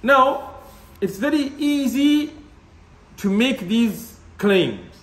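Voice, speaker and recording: A man giving an impassioned religious lecture, blunt and animated, laughing as he rants and dropping Arabic terms. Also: very high-pitched, extremely slow. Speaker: Islamic lecturer. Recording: echoey room.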